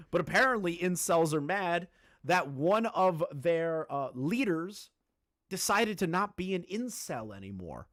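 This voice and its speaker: A male streamer talks to his chat in a crude, mocking, excitable way. His pitch swings widely from low mutters to high bursts, and he swears freely. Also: measured pace. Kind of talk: live-stream commentary.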